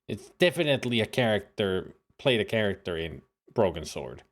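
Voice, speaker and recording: A man's voice: lowish voice, very animated, normal speed. A man casually talking over a detective game on a live stream. He rambles through his thoughts, piling up fillers and restarts. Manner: rambling, filler-heavy, hums tunes.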